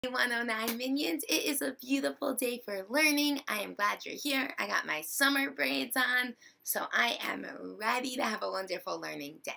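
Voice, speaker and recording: A woman teaching small children over video, cheerful and sing-song. Her voice is bright with a gravelly rasp, and she takes her time, stretching words slowly. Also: fairly high pitch, rough recording. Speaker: kindergarten teacher. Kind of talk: remote video lesson for young children.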